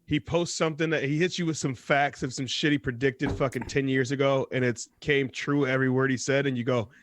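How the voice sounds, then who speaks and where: A man's voice: mid-range voice, fairly quick. A young man co-hosting a talk radio show, teasing his partner and swearing casually. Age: young adult. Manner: teasing, swearing, animated impressions.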